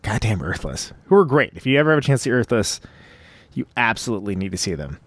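A podcast host with a fairly low, slightly rough voice talks fast in a sing-song way. He rambles loosely through his intro from home, tossing in self-mocking asides as part of a casual monologue.

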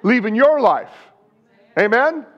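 A male pastor with a high-pitched voice delivers an emphatic sermon in a church sanctuary. He keeps calling out to the congregation for a response. The recording sounds dull and lo-fi. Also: lively intonation, slow. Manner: emphatic, repeated calls of "Amen?" to the congregation.

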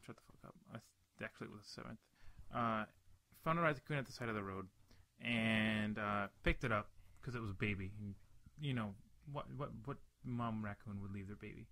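A man's voice: on the low side, brisk, bright, forceful tone, dry recording. A young man hosting a casual podcast chat, telling a profane story full of restarts and fillers. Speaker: podcast host.

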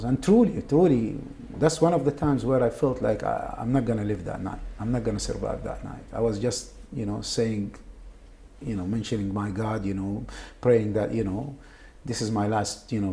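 Speaking with a creaky, dark voice on the low side, an Arabic-speaking man from Saudi Arabia haltingly tells an interviewer what he endured, frequently repeating himself. It's emotional testimony, recorded with faint background noise.

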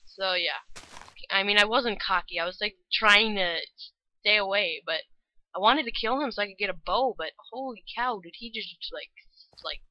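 A woman's voice: medium pitch, normal speed, highs cut off. A woman giving rambling, frustrated let's-play commentary, full of "like" and "holy cow". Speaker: gamer.

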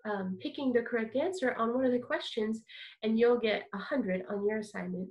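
A woman teaching an online kindergarten music lesson, upbeat and encouraging, leading call-and-response. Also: a little high.

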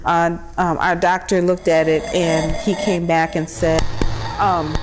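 A woman's voice: on the low side, little pitch movement, measured pace, over music. A woman, mother of a young patient, telling her story in a casual, chatty way with many fillers and quoted dialogue. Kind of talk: casual personal account.

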